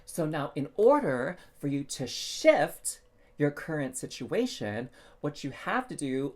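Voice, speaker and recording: Guy vlogging about spiritual stuff, voice bounces all over, drags out the big words. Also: on the high side. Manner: animated, drawn-out emphasis on key words; addresses viewers directly with rhetorical questions. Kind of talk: casual spiritual self-help talk.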